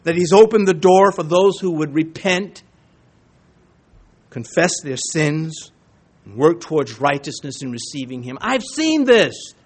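A male pastor preaching a sermon, emphatic, swinging between quiet asides and raised exhortation. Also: fairly high pitch, measured pace, husky.

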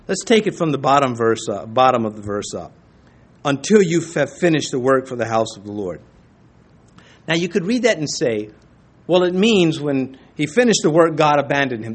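A man teaching through a Bible chapter as a pastor, folksy and chatty, with joking asides and frequent restarts. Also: on the high side.

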